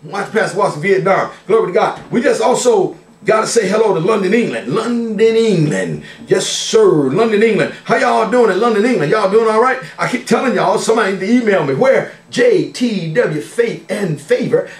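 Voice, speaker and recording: A man's voice: sits high, expressive, moderate pace. An older man, a pastor, greeting his family and viewers in a playful, folksy way, peppering his talk with "glory to God" and "amen". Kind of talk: church service shout-outs. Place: church sanctuary. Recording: echoey church sound from a distance.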